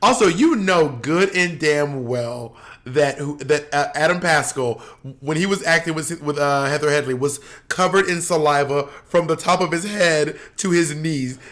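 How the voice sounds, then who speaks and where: A man's voice: a little high, normal speed, fairly bright tone. A man co-hosting a podcast in loose, profane, joking chat, often acting out the people in his stories. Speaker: podcast co-host. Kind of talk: casual chat.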